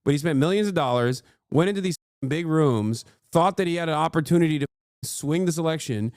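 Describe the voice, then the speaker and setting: A man in his thirties doing casual livestream commentary from home, profane, excitable and mocking as he rants about the news. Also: a little high, brisk, no room sound, clean studio sound. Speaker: streamer reacting to news. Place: home streaming room.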